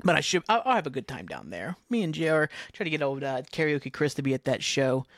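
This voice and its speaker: A man's voice: on the high side, very animated, fast, fairly bright tone, no room sound, clean studio sound. A middle-aged man hosting a solo podcast, chatting in a scattered, self-mocking, profane way. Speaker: podcast host. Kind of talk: rambling solo podcast chat.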